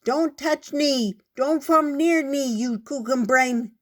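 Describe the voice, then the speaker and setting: A woman voicing a mean, short-tempered male ant who yells and snaps in exasperation. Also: fairly high pitch, expressive, slow, pitched above the performer's own voice. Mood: angry, exasperated. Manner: yelling, exasperated.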